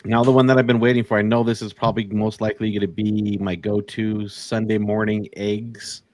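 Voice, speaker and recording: A man's voice: fairly low pitch, little pitch movement, fairly quick, a little mellow. A man hosting a barbecue podcast, steering the talk in an easygoing way. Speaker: host.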